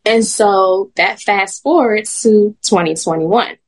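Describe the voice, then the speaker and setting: Animated woman giving faith testimony. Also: mid-range voice, takes it slowly, breathy edge. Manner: animated storytelling, laughs often. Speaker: podcast guest.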